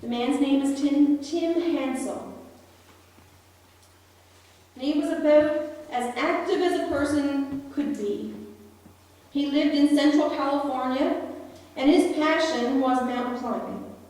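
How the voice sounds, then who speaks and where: Lady giving a sermon, really slow deliberate delivery, big echoey room. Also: high voice, a little mellow. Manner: slow, deliberate preaching with long pauses. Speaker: preacher. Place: church hall. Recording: echoey hall, voice from far off.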